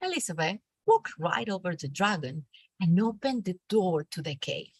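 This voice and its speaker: A woman's voice: fairly low pitch, normal speed, husky, no room sound. Colombian woman reading a storybook aloud. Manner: expressive, animated read-aloud with acted character lines. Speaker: teacher leading a reading workshop.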